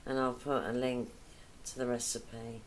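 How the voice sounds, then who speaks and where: A woman's voice: very deep voice, flat delivery, measured pace, a little hiss or hum. A woman cooking vlogger chatting casually while she cooks, wandering between topics with self-deprecating asides.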